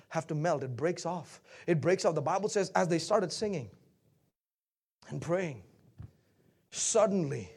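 High-voiced man preaching with shouted peaks. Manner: preaching with loud shouted peaks and sudden quiet drops. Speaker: pastor. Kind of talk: sermon.

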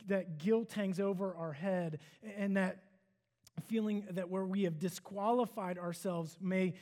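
A man's voice: high voice, fairly even intonation, a little slow, darkish tone. A man giving a sermon, retelling a story in an earnest, conversational way with casual fillers. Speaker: preacher.

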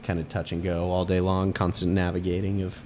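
A man's voice: low-pitched, monotone, a little fast, darkish tone, slight background noise. A man hosting a casual podcast chat, joking and teasing his guests with wry asides. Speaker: podcast host.

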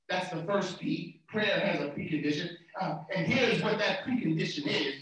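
High fervent preacher in an echoey room. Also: male voice, moderate pace, few pauses, distant mic. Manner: fervent preaching that swings from soft talk to shouts; repeats words and phrases for emphasis. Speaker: pastor. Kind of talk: sermon.

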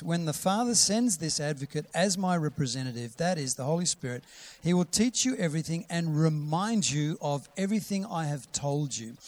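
A man preaching a sermon, quoting scripture with rising emphasis and sometimes dropping to a soft whisper. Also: on the high side. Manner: drops to a soft whisper to act out a gentle voice.

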